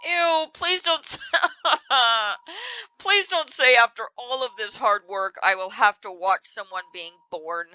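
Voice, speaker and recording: A woman's voice: a little high, animated, slow pace, sharp tone, no room sound, muffled recording. A young woman playing a video game, commenting expressively and in exasperation, often breaking into laughter. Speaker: gamer. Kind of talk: let's play commentary.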